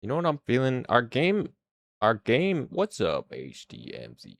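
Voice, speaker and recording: A man's voice: medium pitch, wildly swooping pitch, unhurried, vocal fry, dry recording. A man streaming his indie game development, chatting to viewers in a hyped-up, rambling way. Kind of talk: casual livestream chat.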